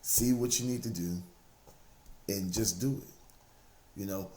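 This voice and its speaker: A man with a lowish voice talks through self-improvement in a relaxed, conversational way, circling back and repeating his key phrases. His faith comes up plainly as he encourages the listener. The recording has a roomy, echoey sound. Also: slow pace, pauses often. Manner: repetitive, conversational, drives points home by repeating phrases. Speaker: motivational speaker. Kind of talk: casual motivational talk.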